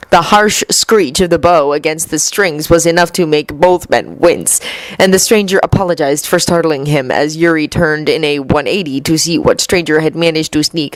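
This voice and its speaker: Woman reading fanfic aloud, steady pace, dry close mic. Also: lowish voice, dry recording, poor audio. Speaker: reader. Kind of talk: storybook narration of fan fiction.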